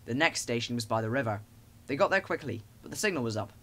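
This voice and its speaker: A man's voice: mid-range voice, lively intonation, fast talker, fairly bright tone. A man reading a children's storybook aloud. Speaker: narrator. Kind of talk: storybook narration.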